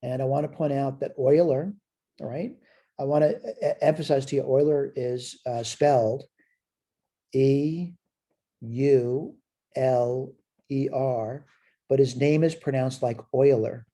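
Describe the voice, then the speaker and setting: A man's voice: medium pitch, moderate pace, dark tone. A man teaching a recorded college math lecture. He asks questions and answers them himself, and he repeats short phrases as he points things out on the board.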